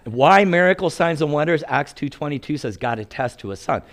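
A man in his sixties, a pastor, telling humorous stories in a lively sermon. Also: on the high side, brisk. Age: 60s. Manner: humorous, animated storyteller. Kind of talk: sermon with storytelling.

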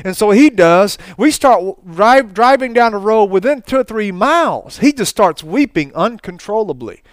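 A man preaching in a folksy, storytelling way, with quick asides and chuckles. His voice sits high for a man and sounds smooth and clear. The sound is dry and close. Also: dry recording. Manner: folksy, animated testimony with asides and laughter. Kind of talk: storytelling sermon.

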